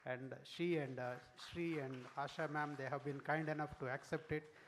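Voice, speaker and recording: A man giving a formal speech at an event, halting, with many fillers and restarts. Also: fairly high pitch, steady tone, slight background noise.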